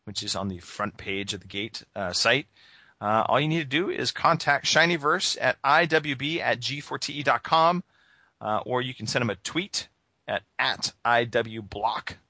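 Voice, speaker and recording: A man's voice: mid-range voice, normal speed, pushed and bright, dry recording. A man hosting a gaming podcast, chatting casually and joking, with plenty of fillers. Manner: joking, rambling with many fillers. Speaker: podcast host.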